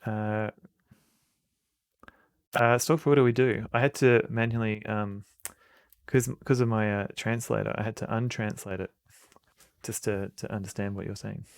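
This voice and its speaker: A man's voice: lowish voice, steady tone, moderate pace, long pauses, smooth, no echo. An Australian man streaming an old adventure game, joking around and reading the game's text aloud into a desk mic. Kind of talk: casual let's-play commentary.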